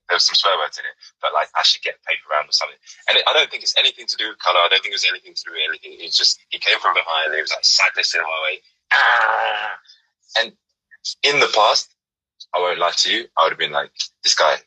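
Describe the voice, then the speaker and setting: Very deep, upbeat male host. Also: bright, forceful tone, slightly rough, low-quality recording. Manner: upbeat, encouraging, rambling. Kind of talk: casual chat.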